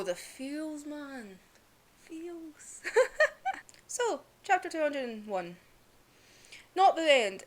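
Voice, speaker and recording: A young woman, ranting casually and emotionally in a vlog, laughing often and swearing. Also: fairly high pitch. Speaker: vlogger reviewing manga.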